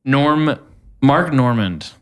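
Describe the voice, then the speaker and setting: Rambling mid-pitched podcast guy. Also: animated, very slow, clean tone. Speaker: podcast co-host. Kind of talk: casual podcast chat.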